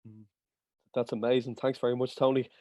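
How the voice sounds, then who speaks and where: A man's voice: mid-range voice, level tone, brisk, a little mellow, no room sound. A man hosting a podcast interview, appreciative and asking questions with hesitant fillers. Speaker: podcast host.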